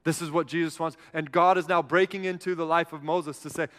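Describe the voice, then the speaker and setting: A man preaching a sermon, retelling a scripture story in an earnest, animated way and briefly acting out a whiny character. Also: a little high, a little fast, few pauses. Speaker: pastor. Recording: long hall reverb.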